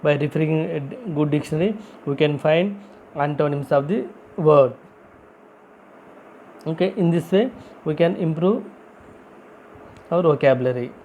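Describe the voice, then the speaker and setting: Mellow-voiced man teaching an English lesson. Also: fairly high pitch, animated, moderate pace, long pauses, a little hiss or hum, low-quality recording. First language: not English. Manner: explains step by step, asks and answers his own questions; repeats key phrases for emphasis. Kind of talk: classroom-style vocabulary lesson.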